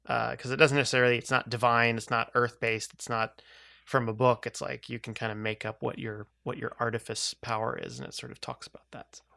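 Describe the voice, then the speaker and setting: A man's voice: mid-range voice, vocal fry, sharp tone, no room sound, studio quality. A man chatting casually as a podcast co-host, rambling with frequent restarts and laughs. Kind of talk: casual chat.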